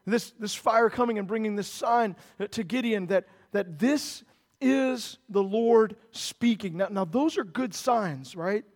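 A man with a strikingly high voice preaches a sermon. He talks to his congregation in an earnest, conversational way that swells into emphatic declarations. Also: unhurried. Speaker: pastor.

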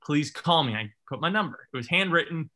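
A man's voice: fairly high pitch, lively intonation, fairly quick, bright, forceful tone. A man telling a long self-mocking story in casual chat, acting out what others said.

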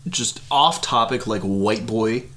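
A man's voice: fairly low pitch, slow, a bit bright. A young man co-hosting a sports podcast in casual chat, rambling, often laughing and trailing off mid-sentence. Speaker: podcast co-host.

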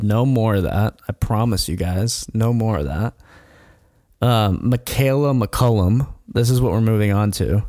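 A man's voice: lowish voice, a little mellow, no room sound. Rambly guy host telling a story, chuckles a lot, swears, dead dry close sound. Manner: rambling, chuckling, profane asides. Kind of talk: casual storytelling chat.

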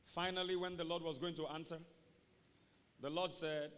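A pastor preaching a sermon to his church, repeating key phrases and rising to shouts. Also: a little high, steady tone, normal speed, pauses often, in a large hall.

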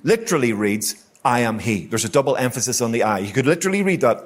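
A man's voice: medium pitch, animated, a little fast. Emphatic Northern Irish man preaching. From Northern Ireland. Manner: emphatic, repetitive, rhetorical questions to the congregation. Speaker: guest preacher. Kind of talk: sermon. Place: church hall, live congregation.

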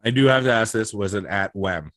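A man's voice: on the low side, brisk, fairly bright tone, dry recording. Man, co-host, ribbing and teasing, casual questions, dry sound. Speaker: podcast co-host. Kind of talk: casual chat.

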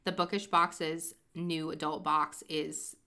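Chatty young woman, bright voice. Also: deep voice, takes it slowly. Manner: chatty, animated storytelling with many fillers. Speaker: podcast co-host. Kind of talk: casual chat about books.

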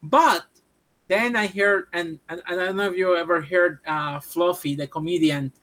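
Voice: medium pitch, normal speed. A speaker from Puerto Rico with a Puerto Rican accent, a native Spanish speaker, telling stories animatedly in a casual chat and acting out the quotes. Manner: animated storyteller, acts out quotes, restarts.

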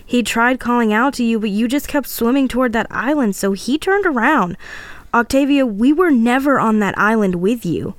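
A woman's voice: mid-range voice, normal speed, no room sound, natural voice. A woman voicing a worried female friend who explains things in a pleading, insistent way. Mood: concerned.

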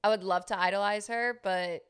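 A woman's voice: medium pitch, steady tone, moderate pace, clear, resonant tone. A young woman with a Southern American accent, co-hosting a podcast in casual, giggly, teasing chat. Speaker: podcast co-host.

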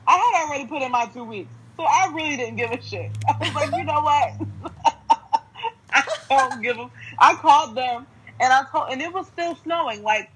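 A young woman from New Jersey, a podcast host telling a story in casual chat, swearing freely and ranting in an animated way, laughing often. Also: a little high, husky, rough recording.

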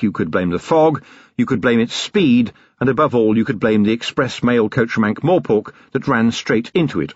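Male narrator for an audiobook, expressive and husky, dry and slightly muffled sound. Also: medium pitch, no echo. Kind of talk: scripted narration.

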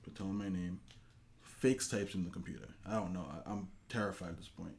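A man's voice: low voice, fairly even intonation, quick pace, vocal fry, darkish tone. A young man telling a long story in casual chat, acting out the quotes with a rising voice. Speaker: podcast co-host.

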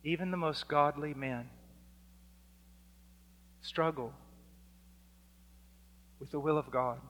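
A man preaching a sermon, impassioned and building to near-shouting on key points. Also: on the high side, takes it slowly. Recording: long reverb of a large hall.

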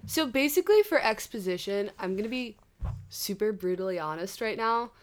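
A woman's voice: medium pitch, lively intonation, moderate pace, crowd noise. Young female podcast co-host, blunt and wry, casual chatty delivery. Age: young adult. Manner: blunt, sarcastic, frequent swearing. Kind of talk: casual chat.

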